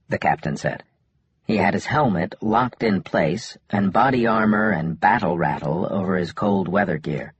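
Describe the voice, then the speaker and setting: A man narrating an audiobook in measured, even storytelling. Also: low voice, husky, no echo. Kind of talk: scripted narration.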